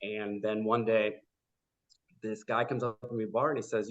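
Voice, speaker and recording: A man telling his story as a podcast guest, lively and full of "like" fillers, acting out the people he quotes. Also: on the low side, fairly quick. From United States. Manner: animated, acts out quoted people, many "like" fillers. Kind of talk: casual storytelling interview. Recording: dull lo-fi podcast audio.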